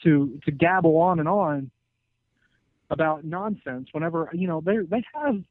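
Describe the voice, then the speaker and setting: A man's voice: on the high side, dry recording. Chatty man on a tinny line. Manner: animated, fills pauses with "you know". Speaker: podcast host. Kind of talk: casual chat. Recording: tinny phone-like sound.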